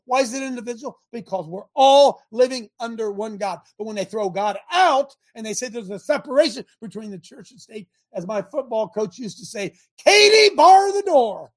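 A man giving an impassioned political talk to an audience, reading numbered principles aloud and breaking off into angry, loud commentary. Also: high-pitched, husky. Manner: reads numbered principles, then rants and comments; grows angry and loud at times. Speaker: speaker addressing an audience.

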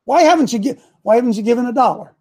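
A man's voice: extremely high pitch, expressive, very fast, a little mellow. A middle-aged man hosting a call-in talk show, preaching and scolding his listeners in a combative way.

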